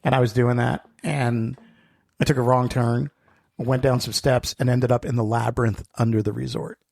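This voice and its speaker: A man's voice: medium pitch, little pitch movement, normal speed, gravelly, a little mellow. A man co-hosting a podcast, telling stories in casual chat, swearing freely and laughing easily. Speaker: podcast co-host.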